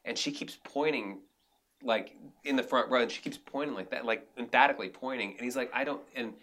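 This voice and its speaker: Bright-voiced man telling stories. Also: mid-range voice, fairly quick, a little hiss or hum. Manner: animated, acts out quotes, frequent restarts. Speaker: director and actor guest. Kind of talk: casual interview storytelling.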